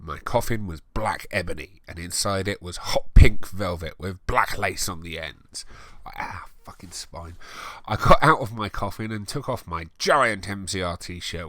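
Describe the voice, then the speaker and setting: A man's voice: low-pitched, sharp tone, dry recording. A man giving a comedic reading of a bad story, breaking off for sarcastic, sweary, exasperated asides. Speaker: reader and commentator. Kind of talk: comedic dramatic reading with commentary.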